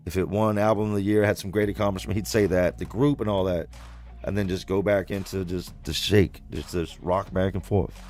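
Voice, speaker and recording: A man with a low, deep voice tells a story straight to his livestream viewers. He talks bluntly and casually, with plenty of swearing. Soft music plays faintly behind him. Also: steady tone, a little fast. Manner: blunt, profane, conversational. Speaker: livestream host reading comments.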